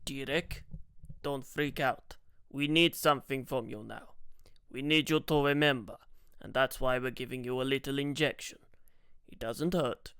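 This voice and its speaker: A man voicing a soft-spoken heavy man in a Death disguise, talking in a hush. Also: mid-range voice, measured pace, clear, resonant tone, no room sound, studio quality. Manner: hushed, gently coaxing.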